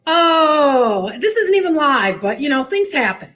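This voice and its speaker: A woman's voice: high-pitched, sing-song, measured pace, a bit bright. A woman librarian showing children how to cook, talking cheerfully in a sing-song way. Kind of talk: cooking demo for kids. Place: library lounge.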